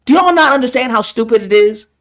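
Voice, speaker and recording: Exasperated man ranting, pitch all over. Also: animated, fast talker, fairly bright tone. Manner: heated, exasperated, profane. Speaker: online commentator. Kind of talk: ranting commentary.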